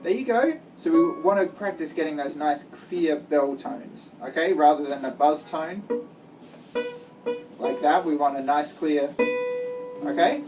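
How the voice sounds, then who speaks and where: Encouraging woman guitar teacher with a low voice, miked from a distance, guitar heard clearly. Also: measured pace. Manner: encouraging, praising and giving step-by-step instructions. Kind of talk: one-on-one music lesson. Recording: distant mic with guitar playing.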